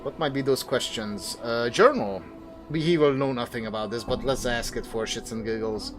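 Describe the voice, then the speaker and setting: A man hosting a gaming video, doing casual commentary, animated and joking at himself. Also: mid-range voice, normal speed, music in the background.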